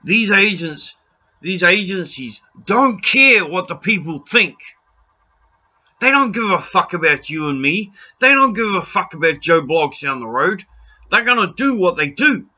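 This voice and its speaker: A man's voice: high voice, very animated, measured pace, bright, forceful tone, dull audio. A New Zealand man in an impassioned rant to camera, blunt and pleading, raising his voice and swearing freely. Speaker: video blogger.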